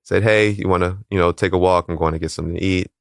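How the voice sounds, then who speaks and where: A man, an interview guest, calmly retelling a personal story and acting out what people said to him. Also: deep voice, vocal fry, smooth, dry recording, clean studio sound. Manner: calm, measured retelling, acting out quoted voices. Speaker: interview guest, calisthenics league founder.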